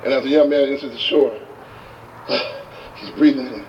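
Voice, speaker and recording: A man giving a motivational talk, telling a story with animated delivery and acting out the characters, recorded from a distance with dull sound. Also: mid-range voice, moderate pace, long pauses. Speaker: motivational speaker. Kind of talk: storytelling speech. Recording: distant, dull, faint hiss.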